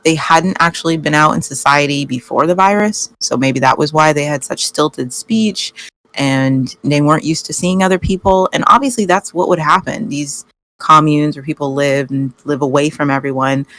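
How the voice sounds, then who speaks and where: Woman panelist, low voice, dry close mic, playful and animated. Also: moderate pace, no room sound. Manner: animated, acts out characters with laughter. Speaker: podcast panelist. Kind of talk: casual chat.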